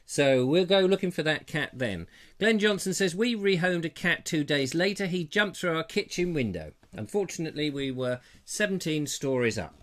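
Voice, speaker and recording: A man's voice: on the high side, expressive, moderate pace, fairly bright tone. A British man hosting a live online show, casually reading viewer comments aloud with playful jokes and asides. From Britain. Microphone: lapel mic.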